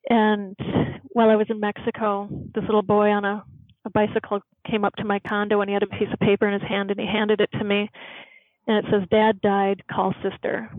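A woman's voice: mid-range voice, no echo. Woman telling a story over a tinny line. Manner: earnest, animated storytelling with laughs. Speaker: podcast guest, doctor. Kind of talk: storytelling in an interview. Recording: tinny phone-like line, dry.

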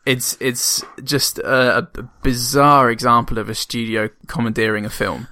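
A man's voice: medium pitch, flat delivery, unhurried, pushed and bright, dry recording, studio quality. A man co-hosting a casual film podcast, hesitant and often restarting his sentences. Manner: hesitant, many fillers and restarts. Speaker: podcast co-host. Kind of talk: casual film review chat.

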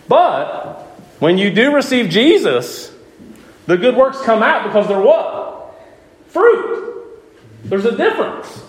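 A man preaching a sermon who keeps putting questions to his listeners and hammers his points home. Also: high voice. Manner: lively, questioning the audience, emphatic. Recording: echoey room with faint ambience.

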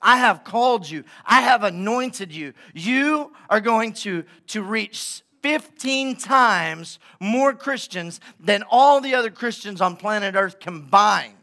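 A man's voice: high voice, expressive, slow, hardly any pauses, bright, forceful tone, full character voice. A man voicing God proclaiming a grand calling in a solemn, proclaiming manner.

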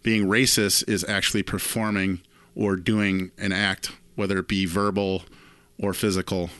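Podcast guy, really low voice, dead dry sound, kinda fumbling for words. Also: flat delivery, measured pace, fairly bright tone, clean tone, no room sound. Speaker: podcast co-host. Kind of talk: casual chat.

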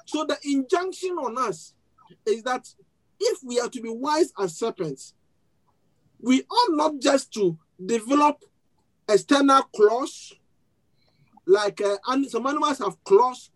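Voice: high voice, expressive, takes it slowly, long pauses, low-quality recording. A pastor with a foreign accent delivers a sermon to a live congregation, drawing them in with questions and call-and-response. Key words are repeated for weight, with frequent restarts between phrases. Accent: non-native accent. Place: church service before a congregation.

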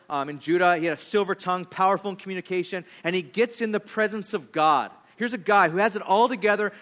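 A pastor preaching with a high voice for a man. He tells stories in an animated way, with quick asides, and moves between jokes and earnest points. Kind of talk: sermon with personal stories.

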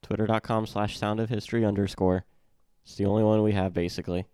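A man's voice: on the low side, flat delivery, fast talker, dark tone, clean tone, no echo, clean studio sound. A man hosting a casual podcast, sounding stuffy and congested from illness, joking and laughing often. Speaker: podcast host. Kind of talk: casual chat.

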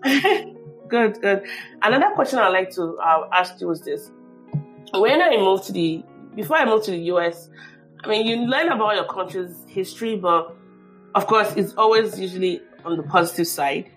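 A woman's voice: medium pitch, lively intonation, normal speed, a bit bright. Woman hosting a podcast, rambling chatty questions, faint music underneath. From Nigeria. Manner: rambling, many asides and restarts. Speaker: podcast host. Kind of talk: long conversational questions.

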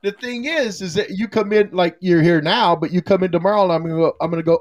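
A man's voice: sits high, fast talker, hardly any pauses. An older American man hosting a podcast, joking and rambling in casual chat, laughing often. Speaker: podcast host.

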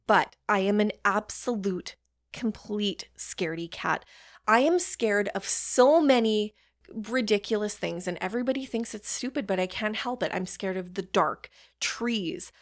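Chatty woman podcast host. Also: medium pitch. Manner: chatty, swears casually, self-deprecating asides. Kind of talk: casual storytelling monologue.

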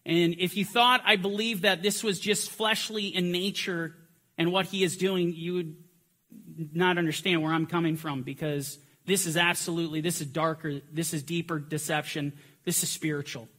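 A man's voice: on the high side, steady tone, moderate pace, fairly bright tone. A man preaching a sermon to a congregation, earnest and intense, repeating phrases for emphasis.

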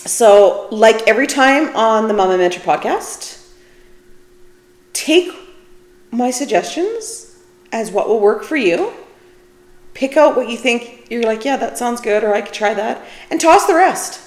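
A woman's voice: fairly high pitch, expressive, unhurried, pauses often. A middle-aged woman hosting her own podcast, talking casually and candidly with a self-deprecating streak. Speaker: podcast host. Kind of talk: casual solo podcast talk. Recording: echoey room.

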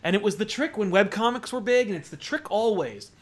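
A man's voice: expressive, fairly quick. A man co-hosting a podcast, chatting casually and rambling, laughing often and swearing. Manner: laughing, rambling, swearing, bursts into loud high mock voices. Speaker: podcast co-host. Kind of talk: casual chat.

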